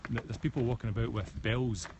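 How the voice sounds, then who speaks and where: On a mountain forest path, a Scottish live-stream host with a West of Scotland accent talks fast in a medium, fairly even voice, holding his phone as he walks. He's chatty, responds to comments, and restarts often, and background noise is clear on the stream.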